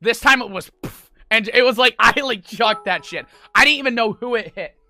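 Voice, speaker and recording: A man's voice: extremely high pitch, normal speed, bright, forceful tone, soft background music. A young man streaming, telling a rambling, profane story to his chat. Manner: rambling, profane, full of fillers.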